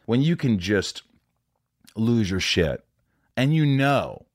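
A man's voice: medium pitch, big pitch swings, slow, no echo, clean studio sound. A man hosting a podcast in casual interview chat, swearing freely and acting out voices when he tells stories. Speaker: podcast host.

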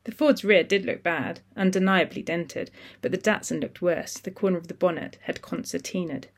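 Steady measured audiobook narrator. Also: mid-range voice.

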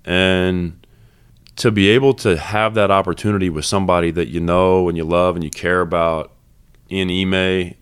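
A man's voice: deep voice, steady tone, normal speed, clean tone. A man in his thirties, a basketball head coach, talking candidly and reflectively in an interview, with many fillers and restarts.

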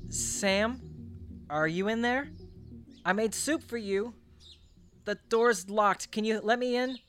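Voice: medium pitch, slow, fairly bright tone, faint music behind. A person playing a caring, chatty friend who sounds a bit nervous.

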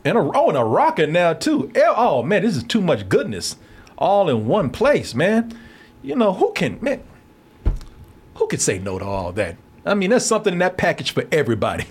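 A man's voice: fairly high pitch, huge pitch swings, moderate pace, breathy edge. A man, co-hosting a casual comedic chat and riffing loosely with plenty of profanity. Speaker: co-host.

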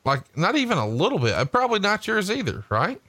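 A man's voice: sits high, wildly swooping pitch, fast, pushed and bright, no echo. A man from Alabama, co-hosting a casual wrestling chat, joking and swearing a lot. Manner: profane, jokey, laughs a lot. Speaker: wrestling podcast co-host.

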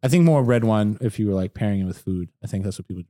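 A man's voice: on the low side, lively intonation, quick pace, dark tone, no echo, clean studio sound. A young man in casual, slangy podcast chat, laid-back and laughing often. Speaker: podcast co-host.

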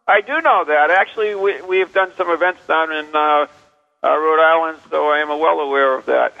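A man's voice: a little high, normal speed, creaky. A man hosting a casual radio interview, hesitant and repeating words. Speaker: radio host. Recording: dull lo-fi radio sound with long reverb.

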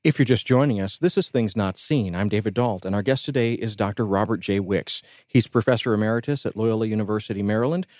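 A man hosting a radio interview show, speaking in a measured, clearly enunciated way into a studio microphone. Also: lowish voice, darkish tone, dry recording.

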